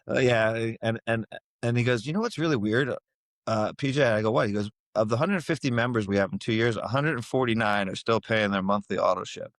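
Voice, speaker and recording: A man's voice: medium pitch, a little fast, no room sound. A middle-aged man telling a personal story in a casual interview, acting out the voices of people he quotes. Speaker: podcast guest.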